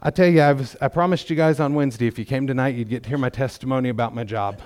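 A middle-aged man shares his testimony during a church sermon, speaking in a folksy, conversational way full of self-deprecating humor. His medium-pitched, darkish voice races along.

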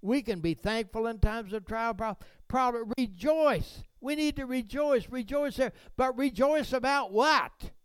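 A slow, high-voiced preaching man. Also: smooth, no room sound. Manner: preacherly, swells to fervent rises on praise lines. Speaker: pastor. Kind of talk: sermon. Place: church.

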